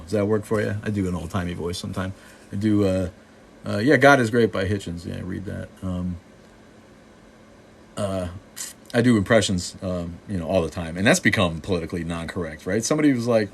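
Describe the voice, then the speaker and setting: Deep-voiced man rambling on a livestream. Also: a little fast, slightly rough. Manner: rambling and sardonic, full of restarts and fillers. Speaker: show host. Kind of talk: casual livestream talk answering chat.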